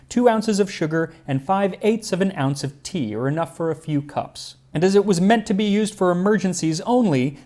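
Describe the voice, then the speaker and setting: A man's voice: fairly high pitch, darkish tone. A man hosting a cooking history show, giving scripted narration with dry humor and tasting the food.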